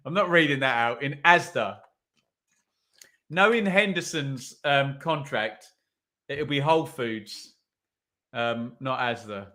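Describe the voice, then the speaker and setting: A man's voice: medium pitch, bright, forceful tone. A man hosting a live football watch-along, commenting on play and reading viewer comments with wry asides.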